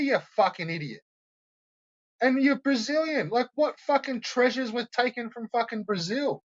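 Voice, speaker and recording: A man with a very high voice hosts a troll-reaction stream, ranting profanely and mocking his viewers with constant swearing. The recording is muffled.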